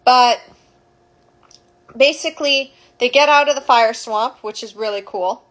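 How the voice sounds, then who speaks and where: Woman educator, casual rambling retelling with many restarts; slightly high voice. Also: measured pace, fairly bright tone, rough recording. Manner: rambling, self-correcting. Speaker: childbirth educator. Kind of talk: casual storytelling.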